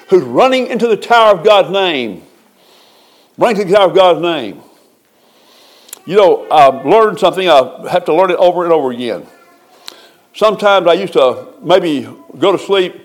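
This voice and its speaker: A man preaching a sermon in a folksy, talkative way, with a voice that sits a little higher than most men's. He leans into key words and stretches them out, then drops back into easy, chatty asides to the congregation. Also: a little mellow. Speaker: pastor.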